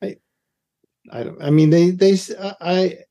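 A man's voice: high-pitched, steady tone, unhurried, mellow. A man from Boston with a Boston accent, a distiller guest talking about whiskey in an easygoing way with short replies. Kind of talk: casual whiskey tasting chat.

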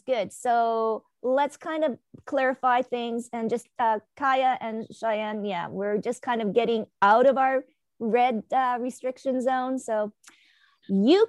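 A woman's voice: on the high side, unhurried, a little mellow, no room sound, studio quality. A woman hosting a casual video call chat, chatty and upbeat, laughing easily as she greets her guests. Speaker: host.

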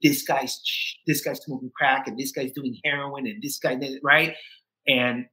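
A man's voice: mid-range voice, steady tone, normal speed, sharp tone, rough recording. A middle-aged man, a podcast guest, telling his story candidly, with frequent restarts and acted-out quotes of other people. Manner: emotional, restarts often, acts out quoted voices.

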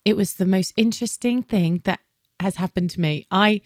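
A woman's voice: medium pitch, moderate pace, no echo, studio quality. A woman hosting a casual interview, telling stories animatedly and acting out the people she quotes. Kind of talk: casual interview chat and storytelling.

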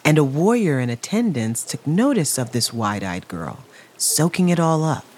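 A man narrating a documentary in a measured storytelling delivery. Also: fairly high pitch, big pitch swings, a little mellow. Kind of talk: scripted narration.

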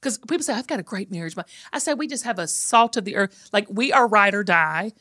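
A middle-aged woman hosting a podcast, telling stories about her marriage in a teasing, animated way. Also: medium pitch, fairly quick. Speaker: podcast host. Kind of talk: casual chat.

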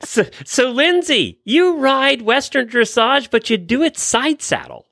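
A wisecracking man hosting a radio show. His voice is bright and forward, with lively pitch movement, and the studio sound is dry and close. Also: unhurried, creaky, no room sound. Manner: joking, wisecracking. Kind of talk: casual chat, interviewing.

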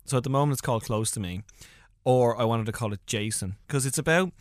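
An Irish man chats as a comedian guest, spinning quick funny anecdotes and breaking into laughter. His voice sits at a medium pitch, and the recording is dry and close. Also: dry recording. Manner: animated storyteller, laughs often, acts out voices. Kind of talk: casual interview anecdotes.

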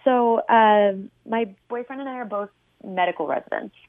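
A woman's voice: a little high, moderate pace, no echo. Young woman calling in over a tinny phone. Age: young adult. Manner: hesitant, many ums, nervous laughs. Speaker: caller. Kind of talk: phone-in caller telling her story.

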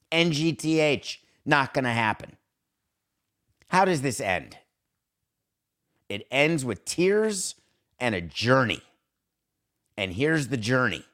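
A man hosts a sports talk podcast in a medium-pitched voice, delivering an opinionated monologue. He speaks emphatically and acts out imagined exchanges between teams and players with sharp swings in pitch. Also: lively intonation, measured pace, long pauses. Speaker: podcast host.

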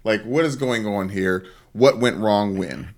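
A man co-hosting a podcast, speaking in a relaxed, dry way and steering the talk. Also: lowish voice, a little slow, gravelly. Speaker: co-host. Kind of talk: casual podcast chat.

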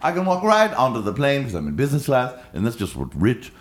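A man's voice: huge pitch swings, quick pace. A man telling a comic travel story, acting out the people he meets in mocking voices. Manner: acts out other people in high mocking voices.

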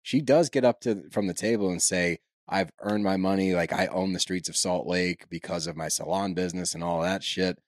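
A man's voice: low-pitched, fairly even intonation, moderate pace, hardly any pauses, dry recording, clean studio sound. A man co-hosting a podcast, recapping a reality show in casual, playful chat. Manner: playful, jokey, quotes people in put-on voices. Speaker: podcast co-host.

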